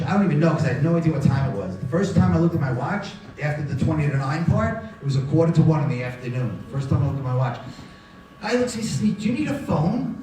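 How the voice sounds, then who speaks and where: Middle-aged male speaker, higher voice, animated storyteller who acts out every exchange; echoey hall, picked up from a distance. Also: slight background noise. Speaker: guest speaker. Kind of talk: live storytelling talk. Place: large synagogue hall. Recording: echoey hall, mic from far.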